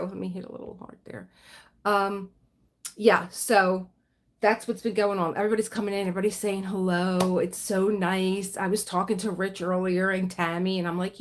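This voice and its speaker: Chatty woman hosting a livestream. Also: medium pitch. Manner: chatty, reads out viewer greetings. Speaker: livestream host. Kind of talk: casual livestream chat.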